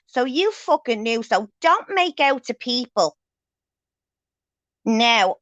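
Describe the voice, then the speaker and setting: A woman's voice: a little high, animated, takes it slowly, fairly bright tone, no echo, muffled recording. A woman hosting a livestream, ranting angrily and swearing heavily as she confronts someone. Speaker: livestream host. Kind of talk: angry livestream rant.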